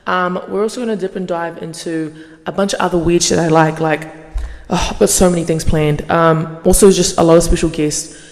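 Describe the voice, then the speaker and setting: A young woman hosting her podcast in a casual monologue, swearing freely and yapping in an animated way. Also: on the low side, big-room sound. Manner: profane, animated, fast yapping. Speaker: podcast host.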